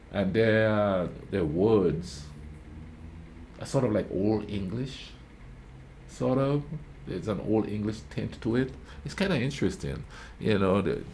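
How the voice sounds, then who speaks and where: Deep-voiced man chatting casually. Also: a little hiss or hum, low-quality recording. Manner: relaxed, chatty, emphatic. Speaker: reaction video host. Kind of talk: casual commentary. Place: lives in West Virginia.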